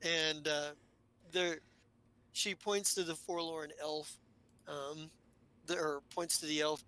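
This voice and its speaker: A man narrating as game master of a tabletop game, halting and full of fillers. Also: high voice, sharp tone, smooth.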